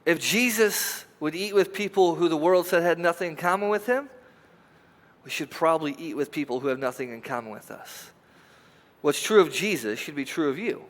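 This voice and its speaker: A young male pastor with a high, light voice preaching to his congregation. He talks in a casual, animated way and slips into voiced quotes. His voice rings with the long reverb of a church hall. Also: normal speed. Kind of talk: sermon. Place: church sanctuary.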